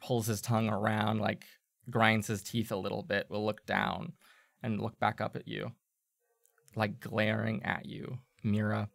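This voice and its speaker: A man narrating as game master of a tabletop role-playing game, in a relaxed, casual way. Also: on the low side, measured pace, creaky, no echo.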